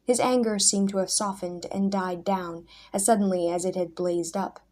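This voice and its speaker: Measured woman storyteller. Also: mid-range voice. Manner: measured, expressive narration. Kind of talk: audiobook chapter reading.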